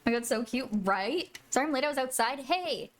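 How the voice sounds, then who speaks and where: Speaking fairly quickly with lively intonation and a high-sitting voice, a woman chats easily with her audience during a video game stream and dotes on her pets. Soft music can be heard behind her.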